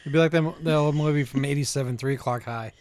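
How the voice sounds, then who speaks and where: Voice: mid-range voice, quick pace, darkish tone. A co-host adding brief, dry interjections in a casual chat.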